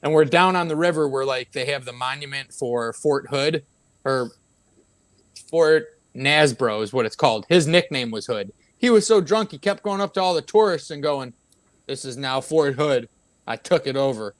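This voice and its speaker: A man's voice: on the high side, normal speed, no echo. A man in casual chat, telling rowdy stories with lots of swearing and acted-out quotes. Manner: animated, profane storyteller acting out quotes.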